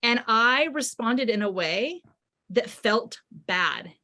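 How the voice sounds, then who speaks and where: A woman's voice: on the high side, expressive, takes it slowly, pushed and bright. A middle-aged woman, a parenting author, explaining ideas in a podcast interview and acting out what parents say. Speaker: parenting author and psychotherapist guest.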